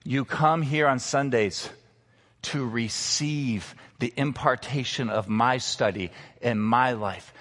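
A man pastor preaching a sermon, emphatic, slowing down to stress key words. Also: medium pitch, fairly bright tone. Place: church sanctuary. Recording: long reverb of a large hall.

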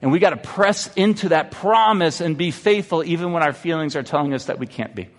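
Speaking a little fast in a fairly high voice, a man in his thirties preaches in a church sanctuary that sounds like a large hall. As a pastor, he gives an earnest sermon that moves from confessing personally to exhorting his listeners.

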